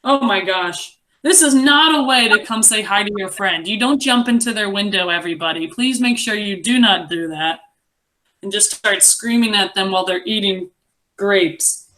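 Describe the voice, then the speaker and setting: A young adult woman teaching a reading lesson to a class, encouraging and expressive as she reads aloud. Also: medium pitch, moderate pace.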